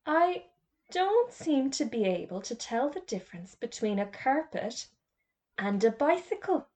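A woman's voice: a little high, very animated, measured pace, warm tone, voice pushed up. Woman doing a snappish fussy schoolmaster. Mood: flustered. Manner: snappish, then faint and flustered. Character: brisk fussy male schoolmaster, easily rattled.

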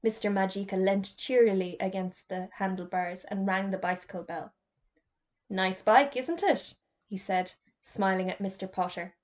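A woman reading a children's storybook aloud in a gentle, measured narrating voice. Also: mid-range voice, little pitch movement.

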